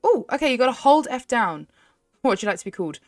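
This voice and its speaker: A young woman host chatting excitedly as she plays a game, often laughing. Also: fairly high pitch, fast talker, dry recording, studio quality, soft background music. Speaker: gaming channel host. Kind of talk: casual gameplay commentary.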